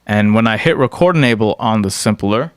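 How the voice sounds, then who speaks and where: Man teaching software with a smooth voice. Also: fairly low pitch, expressive, a little fast, no room sound. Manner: explanatory, often asks "right?". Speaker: music production instructor. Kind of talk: screen-recorded software tutorial.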